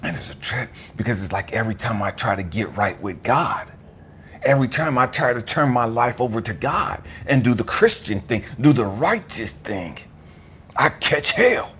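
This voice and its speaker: A man tells his life story in a raw, emotional testimony. His voice climbs and falls dramatically, dipping into hushed whispers before rising to angry outbursts. A faint hiss sits beneath the recording. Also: medium pitch, lively intonation, normal speed. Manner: raw and emotional, swings from hushed to shouting, swears. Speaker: speaker sharing his testimony. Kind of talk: impassioned personal testimony.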